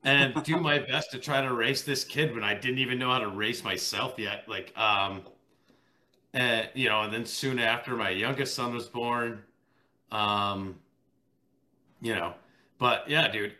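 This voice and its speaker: Easygoing bright-voiced male host. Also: medium pitch, unhurried. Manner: easygoing, with frequent fillers like "you know" and "dude". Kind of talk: casual chat.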